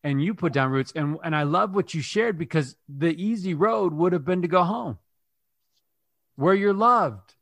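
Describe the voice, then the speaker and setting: A man's voice: high voice, animated, moderate pace, a bit bright, no echo. A man co-hosting a podcast who chats casually with a guest, telling stories with an upbeat manner and laughing easily. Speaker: podcast co-host. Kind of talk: casual interview chat.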